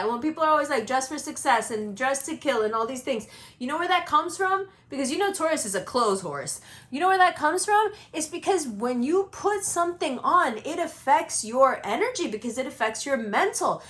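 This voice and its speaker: A young woman giving an astrology reading in a casual, blunt monologue, swearing freely and swinging between slow, low stretches and quick, high bursts. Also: expressive, a bit bright. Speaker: astrology reader.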